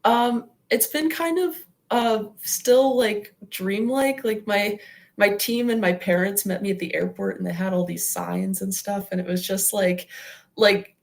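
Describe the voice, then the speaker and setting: A woman's voice: mid-range voice, a little slow, gravelly. A young adult woman, a guest athlete on a podcast, talking casually and reflectively with lots of "like" fillers. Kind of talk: podcast interview.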